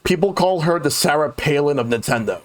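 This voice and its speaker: A man's voice: on the high side, expressive, brisk, very noisy. A man on a gaming podcast, talking casually and bluntly, swearing freely. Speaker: podcast panelist. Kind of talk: casual chat.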